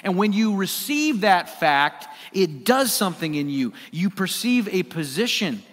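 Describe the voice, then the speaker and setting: Man, pastor, sermon, rhetorical questions, forceful, reverberant church. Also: high-pitched, sing-song, measured pace. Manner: conversational preaching with rhetorical questions to the congregation. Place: church sanctuary.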